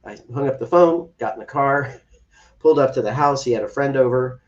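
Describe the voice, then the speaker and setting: A man's voice: medium pitch, brisk. A man speaking as a guest in an interview, telling an earnest personal story and acting out quoted dialogue. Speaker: podcast guest, adoptive father. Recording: distant, slightly dull podcast audio.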